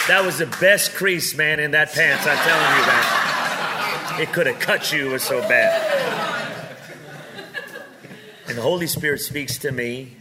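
A man preaching with comic storytelling, animated and joking, swinging from loud to quiet. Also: fairly high pitch, moderate pace, a loud crowd.

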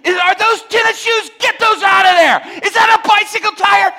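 A man voicing a furious middle-aged fisherman who rants and shouts at his crew in exasperation. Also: extremely high pitch, quick pace, a faint crowd, voice pushed up. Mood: exasperated.

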